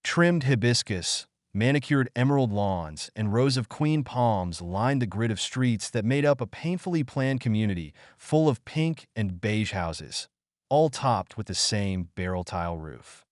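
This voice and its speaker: A man reading an audiobook with expressive storytelling narration. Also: lowish voice, measured pace, no echo, clean studio sound.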